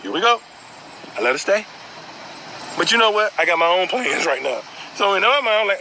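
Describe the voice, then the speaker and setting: A man telling his own story in a blunt, animated way, swearing freely. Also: high voice, moderate pace, long pauses, slight background noise, poor audio. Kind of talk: casual storytelling.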